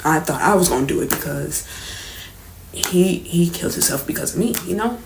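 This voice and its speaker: Animated and moderately paced, this vlogger tells her own story in a lowish voice with vocal fry. The young woman keeps it casual and candid, full of slang and swearing, and the room echoes slightly over faint background noise.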